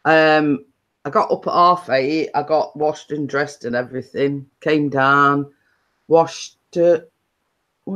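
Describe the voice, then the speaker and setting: A Northern English woman hosting a casual home live stream, chatting in long, rambling stories full of dialect phrasing. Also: low voice.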